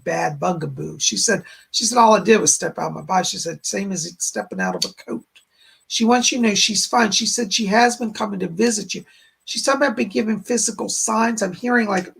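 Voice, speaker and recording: A hoarse man hosting a live-stream psychic reading, relaying spirit messages in looping "he said" phrasing and thanking viewers effusively. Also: high voice, a bit bright. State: hoarse, voice giving out. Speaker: psychic medium, stream host.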